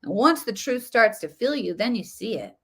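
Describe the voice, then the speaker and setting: A woman's voice: a little high, sing-song, normal speed, fairly bright tone, slightly rough. A woman hosting a livestream, talking earnestly in a loose, preachy way and repeating phrases for emphasis. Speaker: host of a faith and politics livestream. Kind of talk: casual livestream talk with preaching.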